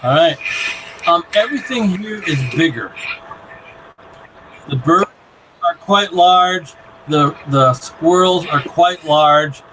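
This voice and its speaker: A man narrates a tabletop adventure as its game master, drawing out his descriptions of the scene. His voice sits a little high. The recording has a steady hiss of background noise. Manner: describes scenes slowly and deliberately, often laughing. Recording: noisy online call recording.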